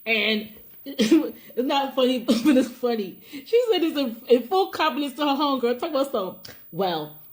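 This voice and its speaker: A woman chatting casually about a reality show, animated, laughing often and acting out what people said. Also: sits high, normal speed. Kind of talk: casual reaction chat.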